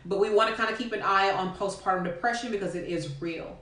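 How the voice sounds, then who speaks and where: A woman's voice: mid-range voice, fast, fairly bright tone. A woman nurse explaining patient care in a frank, conversational way, with frequent ums and restarts. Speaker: postpartum nurse educator. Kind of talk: casual spoken teaching to camera. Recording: echoey room.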